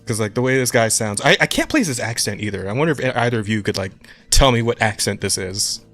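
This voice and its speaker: Rambling, excitable young man podcasting. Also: medium pitch, quick pace, faint music behind. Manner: enthusiastic, rambling, swears a lot, laughs often. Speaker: podcast co-host. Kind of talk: casual chat about games.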